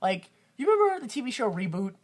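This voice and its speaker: A man hosting a podcast, chatting casually about a film, excitable, laughing often and swearing. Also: extremely high pitch, quick pace. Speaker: podcast host. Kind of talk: casual chat recapping a film.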